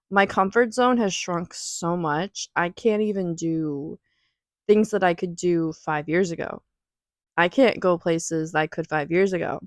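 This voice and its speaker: A woman's voice: fairly low pitch, no echo. A young woman talking in an emotional, rambling way in a personal vlog at home, near tears. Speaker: vlogger.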